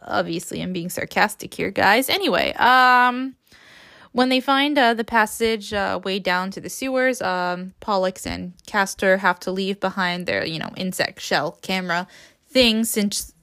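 Woman, podcast host, casual book recap, rambling, sarcastic asides, laughs a lot, mid-pitched voice. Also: a little slow, gravelly, a bit bright.

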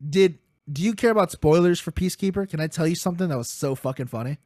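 A man co-hosting a casual wrestling podcast, telling stories excitedly, swearing freely and laughing as he goes. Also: a little high, fast, no room sound, clean studio sound. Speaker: podcast co-host.

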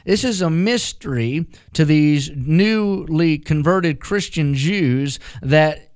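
A man's voice: fairly high pitch, slow, darkish tone, clean tone, no echo, studio quality. A man preaching a radio sermon as pastor, folksy and emphatic, mixing jokes into the message.

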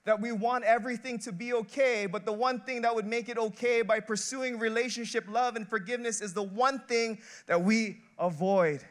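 A man with a notably high speaking voice delivers a sermon as an associate pastor. He preaches conversationally and emphatically, leaning on rhetorical questions and stacking short repeated phrases. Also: steady tone, moderate pace, hardly any pauses, a bit bright.

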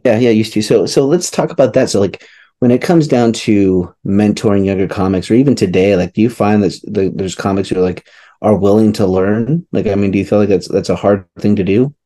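A man's voice: fairly low pitch, brisk, dark tone. A man hosting an interview podcast who asks loose, rambling questions full of restarts. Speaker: podcast host. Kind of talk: casual interview chat.

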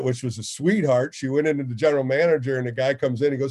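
A middle-aged man, a baseball radio host, telling stories in a casual interview and acting out quotes in a higher voice. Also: fast. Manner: animated, acts out quotes in a higher voice.

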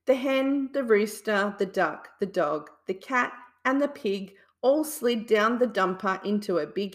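A woman reading a children's bedtime story aloud in a soothing, deliberate way. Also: medium pitch, a bit bright.

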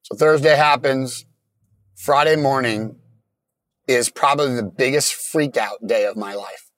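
A man telling his own story in plain, halting casual talk, often restarting his sentences. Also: mid-range voice, a bit bright, dry recording.

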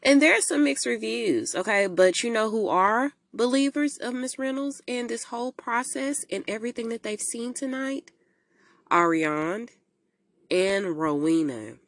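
A woman casually recapping a movie for her podcast listeners, telling it in an animated way and acting out the characters' lines. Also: on the high side, a little slow, no echo. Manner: animated storytelling, talks to listeners as "y'all", acts out quotes in character voices. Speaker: podcast host recapping a film.

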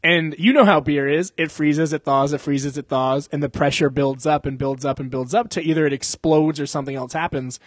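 A young man telling a long story in casual chat, animated and full of swearing and laughter. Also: a little high, a little fast, few pauses, no echo.

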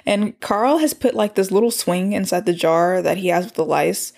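A woman's voice: medium pitch, moderate pace, gravelly, a little mellow. A woman chattily recapping a cartoon episode, with exasperated asides. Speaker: show recapper. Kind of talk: casual recap and commentary.

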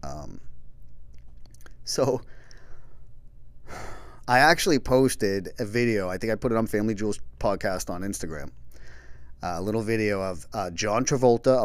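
A man with a fairly low voice hosts his own true crime podcast in a loose, reflective monologue. He stops and restarts often and trails off into soft, quiet stretches. The sound is close and dry, with no room around it. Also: no echo. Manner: halting, with many restarts and trailing pauses.

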